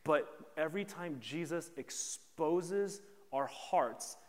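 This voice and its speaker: A man's voice: fairly high pitch, expressive, takes it slowly, in a large hall. A man preaching a sermon in a conversational way, often checking in with "right?" and acting out voices from the story.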